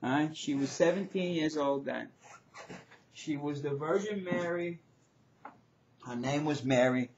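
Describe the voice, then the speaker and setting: A middle-aged man hosting his own show, ranting in a loud, profane, repetitive way. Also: on the high side, a little slow, pauses often, lo-fi sound, background noise. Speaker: show host. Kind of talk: ranting video commentary.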